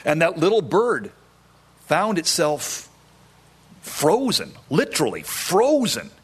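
A man preaching a sermon, telling a story and acting out quoted voices, with sudden drops into a low tone. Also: huge pitch swings, takes it slowly, husky.

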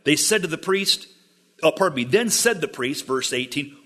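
A male pastor preaches through scripture in a casual, wry way. His voice sits a little high and moves through a wide, lively range of pitch. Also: normal speed. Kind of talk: expository sermon.

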